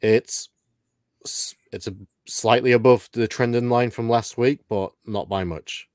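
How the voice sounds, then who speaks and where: A man from the UK co-hosting a casual livestream, matter-of-fact and quick to chuckle. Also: medium pitch, steady tone, a little mellow, clear, resonant tone, no echo, clean studio sound. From United Kingdom. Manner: matter-of-fact, chuckles often, light swearing. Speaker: co-host. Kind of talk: casual livestream chat, reading out ratings.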